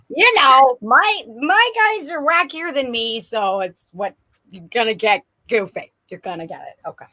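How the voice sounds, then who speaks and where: Animated playful woman reading cards. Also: on the high side, measured pace. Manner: playful, animated, laughs often. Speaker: tarot and oracle card reader. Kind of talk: live-stream card reading.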